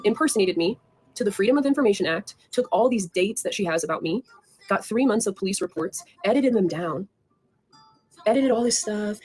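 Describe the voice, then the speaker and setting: A woman's voice: medium pitch, a little mellow. A young woman in a heated, profane, rambling rant, addressing her viewers directly and confronting people. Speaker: online creator talking to viewers.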